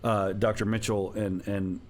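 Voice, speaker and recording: A man's voice: lowish voice, little pitch movement, unhurried, a little hiss or hum. A man hosting a casual chat with his players as their game master, laughing often and talking with lots of fillers.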